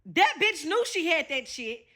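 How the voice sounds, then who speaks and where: A woman's voice: very high voice, a little slow. A woman with a Southern US accent casually telling a story, acting out the people in it and swearing a lot. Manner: animated retelling with quoted voices, heavy profanity.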